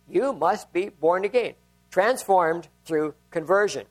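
Older man, pastor, high voice, conversational sermon, personal anecdotes. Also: moderate pace. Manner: conversational preaching with personal stories.

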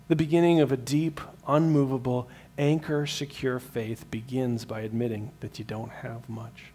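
A man preaching a sermon as pastor, earnest, swinging from emphatic peaks to hushed, slow lines, often repeating a word as he restarts. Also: medium pitch, vocal fry, slight background noise. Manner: repeats words as he restarts sentences.

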